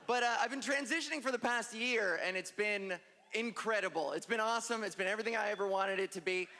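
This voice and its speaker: A quick-talking trans woman works a live audience with punchy, self-deprecating stand-up. Her voice is mid-range with a sharp tone. The recording captures an echoey hall with the crowd and room ambience.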